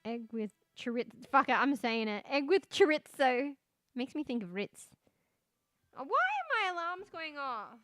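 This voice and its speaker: A woman's voice: a little high, clean tone, no room sound. A woman streaming casually, reading chat and search results aloud, giggling often, swearing freely and repeating words as she tries out how to say them. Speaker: streamer chatting with viewers. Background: soft background music.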